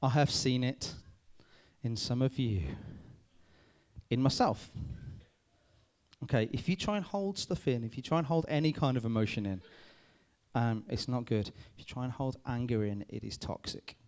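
A man, a youth pastor giving a lively talk to a youth group, checking in with them often. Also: medium pitch, moderate pace. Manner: lively, addresses the group with frequent "okay?" checks. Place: room with a live youth audience.

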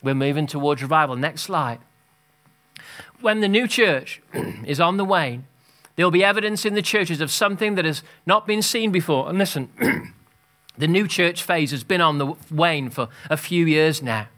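A man preaching a sermon as pastor, energetic and exhorting, calling out to the congregation. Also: on the high side, normal speed. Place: church hall.

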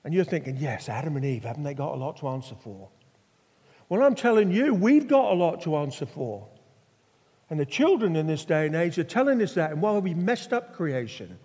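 A man's voice: on the high side, sing-song, brisk, a little mellow, slightly rough. An older man from Norfolk, England, preaching a sermon with stories and rhetorical questions. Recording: long hall reverb.

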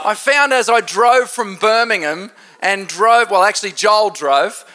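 A man preaching at a church service as a visiting pastor, joking and lively, with a congregation around him. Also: high-pitched, a little slow, a little hiss or hum. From Australia. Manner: jokey, lively preaching with laughter. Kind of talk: sermon.

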